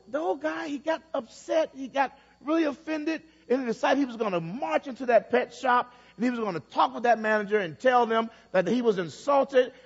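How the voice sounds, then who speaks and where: High-voiced preacher in an echoey hall. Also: male voice, dull audio. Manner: storytelling preacher, repeats phrases, builds emphasis. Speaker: pastor. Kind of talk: sermon.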